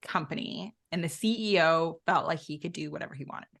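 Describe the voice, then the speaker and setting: A woman co-hosts a podcast in casual chat, with a bright, clear voice. She chimes in to back up her co-host. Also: sits low, a little fast. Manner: supportive, cheering interjections.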